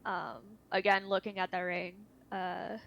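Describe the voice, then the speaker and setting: Woman player, soft and hesitant, slow, with a gravelly, bright voice. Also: on the low side, little pitch movement, dull audio. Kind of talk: casual tabletop play.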